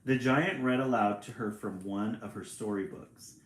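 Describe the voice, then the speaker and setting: A man reading a picture book aloud on a livestream, chatty and quick to laugh, greeting viewers between pages. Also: lowish voice, heavy background noise. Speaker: storyteller and livestream host. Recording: roomy echo.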